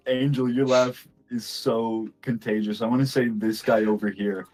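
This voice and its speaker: A man's voice: mid-range voice, steady tone, measured pace, a little mellow, faint music behind. A man narrating as game master in a loose, laid-back way. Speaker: dungeon master.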